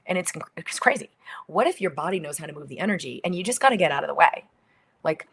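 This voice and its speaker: A middle-aged woman hosting a book launch livestream, reading and talking in an animated way with some whispered moments. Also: lowish voice, fast, slightly rough. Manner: animated, acts out little quoted voices, drops to near whispers.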